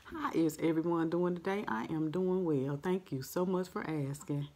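A soft-spoken woman hosting a mukbang, chatting casually with her viewers and recording without a microphone. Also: normal speed. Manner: soft-spoken, naturally low-volume voice; friendly, chatty, addresses viewers as family. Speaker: mukbang host. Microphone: no microphone, device's built-in mic.

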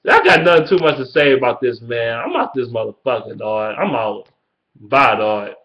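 A man delivering a heated, profane sports rant, repeating himself and swinging between yelling and low mutters. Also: expressive, moderate pace, lo-fi sound. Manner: heated, swearing, rising to yelling. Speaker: sports fan vlogger.

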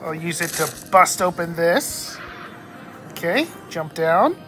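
A woman's voice: fairly low pitch, animated, slow, a bit bright, soft background music. A woman hosting a gaming channel, giving casual, jokey gameplay commentary with lots of exclamations.

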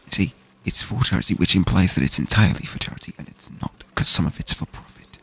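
A man's voice: low voice, quick pace, creaky, a bit bright, slightly rough. A young man from the UK ranting casually and swearing while playing a game, with frequent restarts. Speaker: gaming streamer. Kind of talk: casual rant while gaming.

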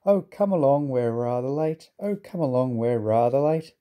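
A man's voice: medium pitch, warm tone, close to an everyday voice. A man voicing a proud, impatient young tank engine in a storybook reading, speaking crossly and in a hurry. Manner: cross and hurried.

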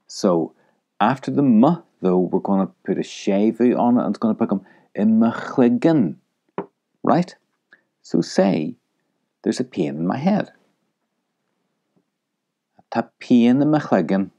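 A man with a deep voice leads an audio language lesson at an unhurried pace. He patiently repeats each phrase for the listener to echo back. The recording sounds dull and lo-fi. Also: very animated, warm tone. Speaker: language teacher.

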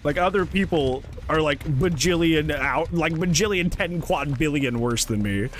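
A man's voice: fairly high pitch, moderate pace, a little hiss or hum. A young man streaming a video game, ranting sarcastically and swearing often in casual commentary.

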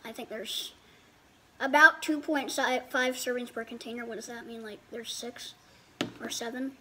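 High-voiced woman rambling through a food review. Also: fairly even intonation, unhurried, noisy background. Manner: rambling, thinks aloud; talks with mouth full. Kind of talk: casual chat while eating.

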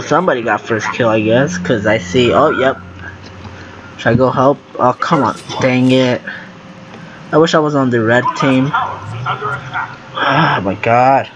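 Slow-talking man over loud noise. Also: medium pitch, muffled recording. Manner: thinks aloud, easily flustered, exclaims and groans. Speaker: gaming video creator. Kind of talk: live gameplay commentary.

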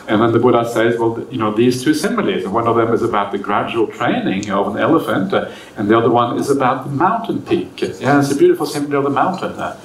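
A man, a monk, giving a relaxed, chatty Dharma talk at a retreat, peppered with "yeah?" and "uh" and acting out the characters in his stories. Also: mid-range voice, quick pace. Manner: acts out the characters in stories with lively voice changes. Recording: roomy, distant mic, faint room noise.

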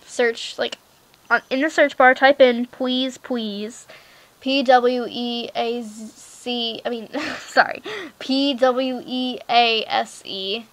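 A woman's voice: on the high side, fairly even intonation, slow pace, low-quality recording. A teenage girl chatting casually while playing a pet game, rambling with lots of fillers and "like". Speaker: gaming vlogger. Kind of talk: casual screen-recorded game chat.

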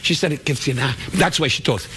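A man's voice: medium pitch, fast talker, a bit bright. An older man, an insult comedian, roasting people on stage and on talk shows with brash, mock-outraged jabs. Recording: noisy old TV recording with audience laughter. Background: audience laughter and crowd noise.

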